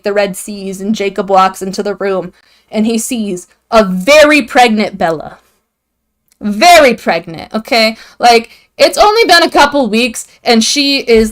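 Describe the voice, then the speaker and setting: A young woman hosting a video, giving an irreverent, profane comedic recap of a story and acting out the characters' lines. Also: mid-range voice. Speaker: video host.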